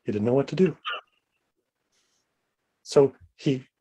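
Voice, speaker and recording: A man's voice: mid-range voice, slow, mellow, husky, highs cut off. A man explaining an improv storytelling game and then starting a spooky tale with a playful, suspenseful delivery. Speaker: improv player.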